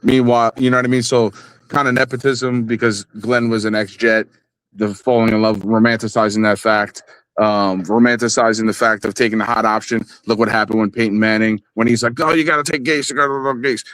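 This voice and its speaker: A man's voice: on the low side, level tone, fairly quick, fairly bright tone, smooth, no room sound, low-quality recording. A man co-hosting a live sports talk show, ranting animatedly with strong opinions.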